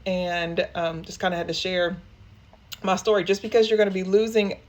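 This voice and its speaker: A woman's voice: lowish voice, fairly even intonation, moderate pace. A woman who works as a grief counselor, speaking candidly and emotionally to her viewers and often calling them y'all. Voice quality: emotional, open, addresses listeners as y'all. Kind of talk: candid personal talk to viewers.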